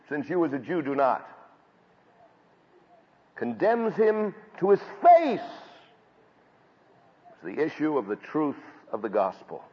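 A man preaching a sermon from scripture, building up to loud emphatic peaks and then dropping back low. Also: breathy edge. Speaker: pastor. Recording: dull audio with long hall reverb.

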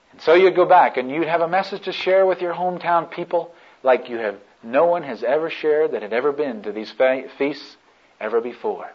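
Higher-pitched preacher on a dull, lo-fi recording. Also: male voice. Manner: swings from hushed murmurs to loud, emphatic preaching. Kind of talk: dramatic sermon storytelling.

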